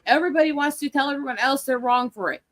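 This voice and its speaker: A woman's voice: high-pitched, fast. A woman hosting a casual stream chat, blunt and opinionated, swearing freely as she talks. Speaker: stream host.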